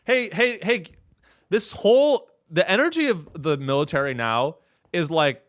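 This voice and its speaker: A man's voice: a little high, animated, a little slow, no echo, clean studio sound. A young man hosting a comedy show, ranting in a profane, rambling way and slipping into mocking voices. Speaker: comedy podcast host. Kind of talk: comedic rant.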